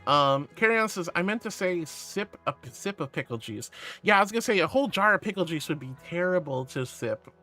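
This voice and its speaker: A man's voice: high-pitched, animated, a little fast, pushed and bright, soft background music. A man streaming as a VTuber, reading chat aloud in a sweet, doting way and calling viewers sweetie and honey.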